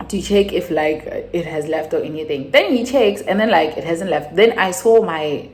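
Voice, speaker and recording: A young South African woman with a South African accent, casually retelling a personal story in a rambling, animated way, jumping to sudden high exclamations. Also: normal speed, a little hiss or hum. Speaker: YouTuber.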